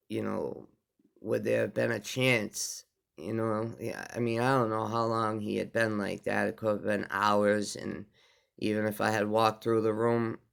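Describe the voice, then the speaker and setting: Low gravelly male storyteller, unhurried, halting with fillers, smooth resonant tone. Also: fairly bright tone. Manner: slow, halting, with many fillers and restarts. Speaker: vlogger telling a personal story. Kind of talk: casual spoken storytelling.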